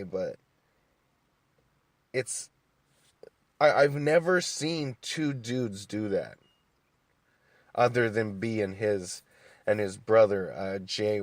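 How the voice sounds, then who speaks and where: Calm, laid-back man telling stories. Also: on the low side, dry recording. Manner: calm, laid-back storytelling with frequent swearing and restarts. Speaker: podcast host. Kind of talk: casual monologue.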